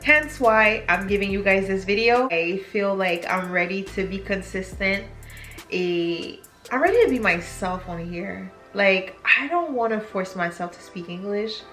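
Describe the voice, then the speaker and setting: In an echoey room with faint music playing, a young woman with a French accent opens up in a confessional YouTube vlog, drifting into French partway through sentences. She speaks at a measured pace in a medium-pitched, fairly bright voice.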